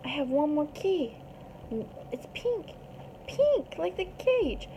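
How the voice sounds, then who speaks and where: A woman's voice: high-pitched, sing-song, slow pace, background noise, pitched above the performer's own voice, heavily acted. A woman voicing an eager male zoo gorilla in a storybook retelling.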